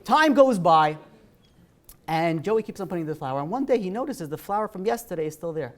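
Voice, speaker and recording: A man, a rabbi, telling a story in a sermon in a casual, animated way, full of "you know" and "like". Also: high voice, fairly quick.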